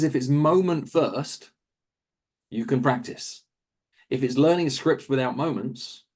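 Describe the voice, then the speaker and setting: A man, a real estate coach, answering interview questions in a lively coaching manner, briefly acting out quick asides. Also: medium pitch. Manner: animated, acts out quick asides in other voices.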